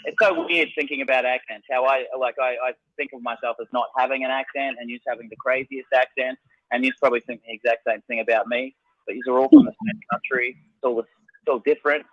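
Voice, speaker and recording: Casting: mid-pitched man, hesitant and musing, dry muffled audio. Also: quick pace, dry recording. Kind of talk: casual group chat.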